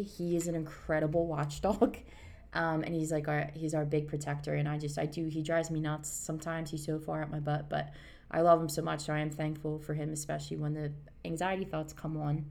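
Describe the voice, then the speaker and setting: A woman in her thirties co-hosts a casual podcast, her voice low and rough with fry. She talks earnestly and rambles, restarting her thoughts as she goes. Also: level tone, fairly quick, darkish tone. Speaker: podcast co-host. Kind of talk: casual chat.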